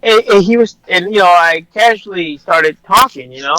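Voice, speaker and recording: A man's voice: high-pitched, pushed and bright, no echo, poor audio. Man recounting an experience, dry sound. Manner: halting, casual recounting with fillers. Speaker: corrections officer guest. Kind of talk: casual interview.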